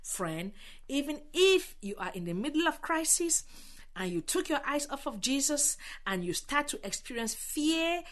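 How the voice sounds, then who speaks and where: A woman preaching a sermon to her listeners, impassioned and exhorting, stretching out key words for emphasis. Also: high-pitched.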